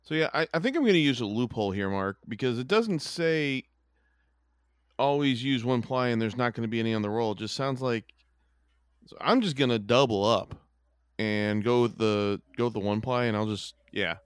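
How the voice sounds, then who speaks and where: A man in casual conversation, goofy and quick to laugh, his voice sitting at an ordinary middle pitch. The sound is dry and close, with no room around it. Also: clear, resonant tone, no room sound. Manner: goofy, joking, laughs often. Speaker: podcast co-host. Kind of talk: casual chat.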